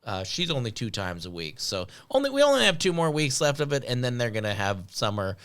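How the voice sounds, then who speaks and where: A man co-hosting a podcast, chatting casually in halting sentences that often trail off. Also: medium pitch, sing-song, a bit bright, clean tone. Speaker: podcast co-host. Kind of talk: casual chat.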